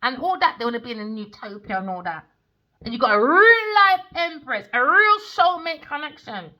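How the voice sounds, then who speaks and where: A woman's voice: high-pitched, very animated, normal speed, bright, forceful tone. A woman, a tarot reader ranting in a blunt, heated, sweary monologue.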